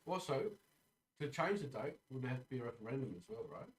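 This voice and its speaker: Fast-talking Australian man. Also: mid-range voice, expressive. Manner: quick and eager, cuts in with short remarks. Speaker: podcast guest. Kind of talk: casual podcast chat.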